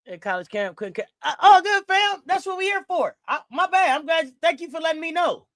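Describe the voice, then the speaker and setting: A woman hosting a live game watch-along, talking casually in slang, reacting loudly and shouting encouragement at the players. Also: extremely high pitch, animated, fairly quick. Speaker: sports stream host.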